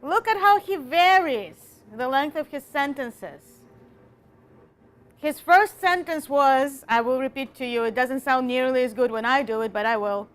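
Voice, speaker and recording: High-voiced woman lecturing a writing class. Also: expressive, a bit bright, smooth. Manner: emphatic, slows down to stress key words. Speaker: college writing instructor.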